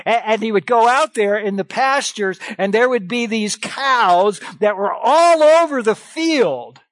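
A man preaching a sermon on scripture, animated and expressive, calling out like a shepherd at times. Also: unhurried, no echo. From grew up on a farm. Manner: animated, swings pitch, acts out shepherd calls.

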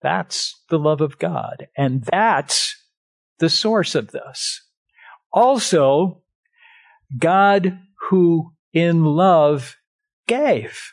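A man preaching at a very unhurried pace, lingering over each phrase. His pitch rises and falls widely as he repeats key words for emphasis, and the sermon is streamed live. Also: animated, creaky. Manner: slow, deliberate preaching with emphatic repetitions. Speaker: pastor. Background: live-streamed church service.

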